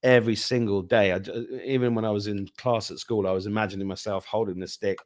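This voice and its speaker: A man's voice: lowish voice, quick pace. A man hosting a casual interview over a video call, telling stories and acting out quoted exchanges. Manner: animated storyteller, acts out quoted voices. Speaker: podcast host. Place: home in Ireland.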